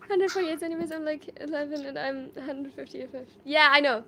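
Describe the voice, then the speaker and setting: A woman's voice: high-pitched, steady tone, brisk, hardly any pauses, bright, forceful tone, a little hiss or hum. A woman from Germany, a live streamer chatting casually, reading viewer comments aloud and laughing often.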